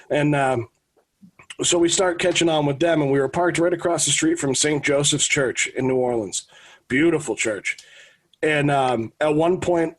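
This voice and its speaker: A man in his thirties from New England, co-hosting a sports podcast and telling anecdotes in a lively, casual way with frequent restarts. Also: on the high side. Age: 30s. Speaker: podcast co-host.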